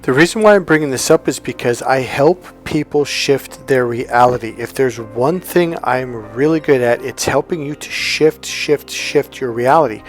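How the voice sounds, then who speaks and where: A man's voice: mid-range voice, moderate pace, hardly any pauses, soft background music. A man, a self-help coach and hypnotherapist, talking casually to camera and telling a rambling story in which he acts out the lines of the people in it.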